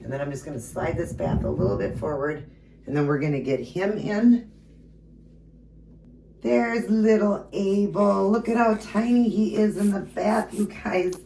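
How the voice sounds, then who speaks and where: Chatty woman vlogger, low voice, noisy. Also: moderate pace, creaky. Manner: doting, chatty, talks softly to the doll. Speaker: doll collector vlogger. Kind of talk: casual show-and-tell vlog. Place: at home. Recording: steady background noise.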